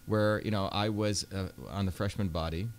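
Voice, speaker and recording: Man, 50s, earnest, fluent, filler words, low pitch, studio interview. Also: steady tone, moderate pace. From India. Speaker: Senate candidate, guest. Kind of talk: radio interview. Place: radio studio.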